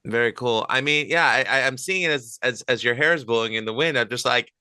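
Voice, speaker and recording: A man's voice: medium pitch, brisk, pushed and bright, smooth, no room sound. A middle-aged man hosting a casual podcast interview, rambling with fillers and restarts. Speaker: podcast host.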